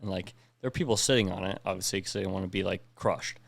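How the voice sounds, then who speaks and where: A man's voice: low voice, fast, creaky. A young man on a podcast telling a war story in casual, profane speech, acting out the dialogue. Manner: profane, recounts with quoted dialogue. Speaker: podcast co-host, veteran.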